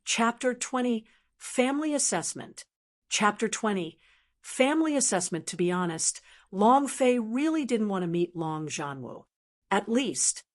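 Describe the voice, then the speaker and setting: A woman reading a fantasy novel aloud as an audiobook narrator, steady and even. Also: medium pitch. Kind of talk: scripted narration.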